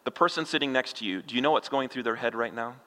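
Bright-voiced middle-aged pastor preaching. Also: male voice, medium pitch, fast. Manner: conversational preaching, rhetorical questions, folksy humor. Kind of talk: expository sermon. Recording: long hall reverb.

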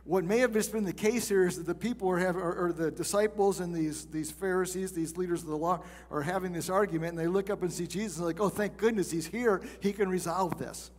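A man's voice: high-pitched, fast, hardly any pauses, long reverb tail. A male pastor teaching a sermon in a conversational way, reading scripture and acting out the people in it.

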